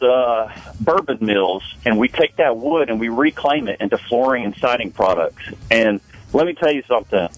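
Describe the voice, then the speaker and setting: A man's voice: medium pitch, poor audio. A man from Tennessee calling into a radio show, speaking earnestly and with emphasis. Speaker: caller. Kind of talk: phone call into radio show.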